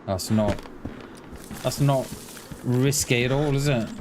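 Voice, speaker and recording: Slow, easygoing male game streamer. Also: medium pitch, noisy background. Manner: relaxed, joking banter with a teammate. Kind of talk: casual gameplay chat.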